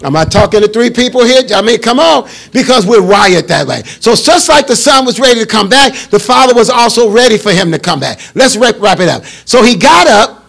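A man, a bishop, leading a Bible study in a call-and-response preaching style that rises to shouts. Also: very high-pitched, expressive, fairly quick, creaky, few pauses.

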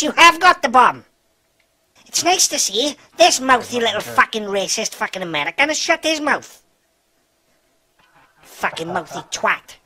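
High bright Welsh gamer, sweary and mocking. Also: male voice. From Wales. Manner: mocking, sweary, rants in long insult strings. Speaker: gamer in online lobby. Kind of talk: heated gaming voice chat.

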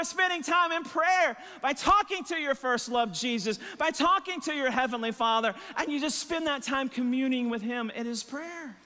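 A male pastor with a very high, sharp voice preaches an impassioned sermon in a large church sanctuary. He leans on emphatic repetition and rhetorical questions, his voice a little strained as he catches his breath.

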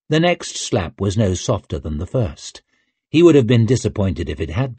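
Husky guy narrating a novel, slow and lively, dry close sound. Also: lowish voice, no room sound. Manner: measured, expressive reading. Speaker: audiobook narrator. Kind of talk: scripted narration.

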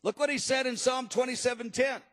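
A man preaching a sermon, telling the story in an animated, emphatic way. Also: extremely high pitch, a little fast. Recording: long reverb of a large hall.

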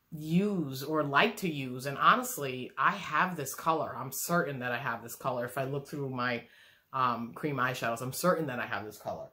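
A woman's voice: sits low, fairly bright tone. A middle-aged woman chatting casually through a beauty unboxing on her phone, rambling and self-deprecating with lots of fillers and restarts. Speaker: beauty vlogger. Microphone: phone camera.

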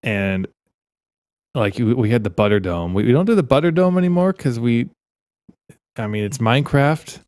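A man's voice: mid-range voice, expressive, moderate pace, pauses often, darkish tone, dry recording, clean studio sound. A man co-hosting a podcast, chatting casually and making goofy, rambling jokes while playing a game. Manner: goofy, jokey, rambling tangents. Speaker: podcast co-host. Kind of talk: casual gaming chat.

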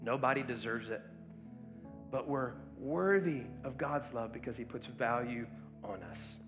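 A male pastor at a mid-range pitch, preaching in a relaxed, conversational way that often breaks into ums and uhs. Faint music plays softly behind his voice. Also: a little slow. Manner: earnest, conversational storytelling with frequent fillers. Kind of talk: sermon.

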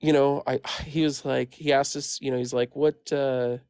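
A Midwestern American man in his thirties calls in to share a paranormal story, rambling casually and leaning heavily on "like" and "um." His mid-range voice is flat and slightly mellow, moving at a normal speed. The recording is clean, with no room sound.

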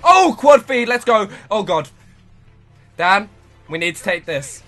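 Excitable man shouting over gameplay. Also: high voice, unhurried, soft background music. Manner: excitable, swings from muttering to shouting at the game. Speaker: gaming channel host. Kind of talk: live gameplay commentary.

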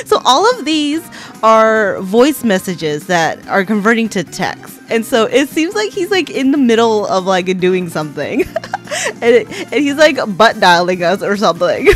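A woman streamer from Texas chats to her viewers in a giggly, gushing way and swears casually. Her voice bounces lively between high and low. Faint music sits behind her. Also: measured pace.

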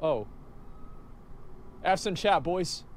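A man streaming live, reacting to videos in casual, excitable chat and swearing freely. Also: high-pitched, drawn-out words, heavy background noise.

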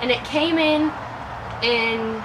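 A teenage girl vlogging in a casual, excitable way, chatting to the camera with lots of fillers. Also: fairly high pitch, takes it slowly. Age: teens. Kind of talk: casual vlog. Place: car, phone held while driving. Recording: distant phone mic with background noise.

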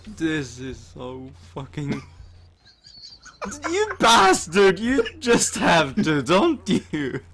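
High, swinging voice of a laughing gamer man. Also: wildly swooping pitch, drawn-out words, vocal fry, pauses often, a bit bright. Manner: swearing, bursting into laughter. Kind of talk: casual gameplay chat.

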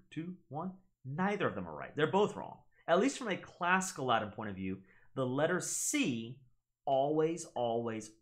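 Animated man explaining Latin pronunciation. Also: a little high. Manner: animated, repeats words to demonstrate pronunciation. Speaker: gaming channel host teaching Latin. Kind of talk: casual explanatory lesson.

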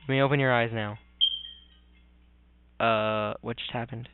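Goofy guy rambling over a game, smooth clear voice, tinny lo-fi sound. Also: medium pitch, steady tone, a little slow, long pauses. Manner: goofy, rambling, mutters complaints. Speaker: let's player. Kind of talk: casual gameplay commentary. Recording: tinny lo-fi with faint game music.

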